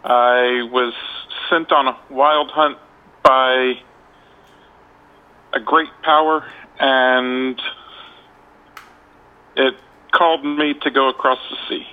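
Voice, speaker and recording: A man's voice: medium pitch, fairly even intonation, close to an everyday voice. A man playing a solemn Viking warrior on a hunt. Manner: slow, solemn, declaiming. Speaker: tabletop game player. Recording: tinny phone-like call line.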